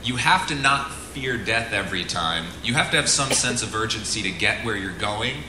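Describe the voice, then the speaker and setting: A man's voice: lowish voice, expressive, moderate pace, noisy background. A middle-aged man, a flight instructor, giving a casual, joking seminar and asking the room questions. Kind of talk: seminar lecture to an audience. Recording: echoey room.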